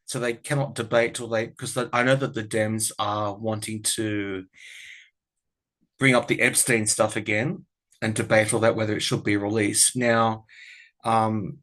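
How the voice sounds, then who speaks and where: A man's voice: fairly low pitch, steady tone, unhurried, fairly bright tone. Aussie guy rambling on camera about politics, chatty and blunt. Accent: Australian. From Australia. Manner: rambling, chatty, digressive, frank. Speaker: tarot and political commentary vlogger. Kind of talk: casual political chat to camera.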